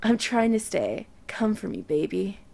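A woman voicing a tender, teasing adult man in an audio story, speaking softly and intimately. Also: mid-range voice, very animated, measured pace, vocal fry, exaggerated voice.

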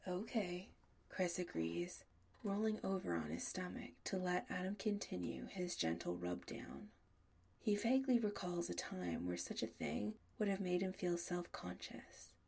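A woman narrating an audiobook in a soft, often half-whispered delivery. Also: on the low side, unhurried, creaky, slightly rough.

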